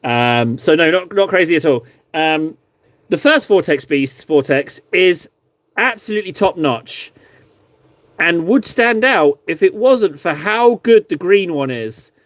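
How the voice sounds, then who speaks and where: A man with a slightly higher voice chats casually on a stream, rambling and poking fun at himself as he goes. He is recorded close on a desk mic, with a dry sound and no room echo. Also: lively intonation, unhurried, fairly bright tone. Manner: rambling, self-mocking, playful. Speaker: streamer reviewing viewers' miniature paintings. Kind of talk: casual live-stream chat.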